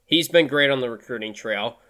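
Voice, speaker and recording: A man's voice: mid-range voice, brisk, sharp tone. A man hosting a casual sports podcast, talking in an upbeat, conversational way and thinking aloud with restarts. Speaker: podcast host.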